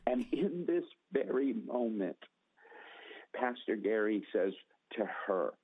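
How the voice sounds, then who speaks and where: A man's voice: very animated, takes it slowly, creaky, no room sound. A man from Northern California telling a personal faith testimony to an interviewer. He acts out the people in his story, raising his voice for their lines. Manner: dramatic, acts out quotes with raised pitch. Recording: tinny phone-like dry sound.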